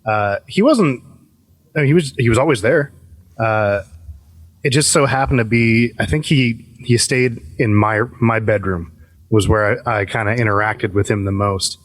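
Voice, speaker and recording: A man on a podcast telling a ghost story casually, with lots of uhs and restarts. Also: lowish voice. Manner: relaxed, halting with many fillers. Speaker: podcast guest.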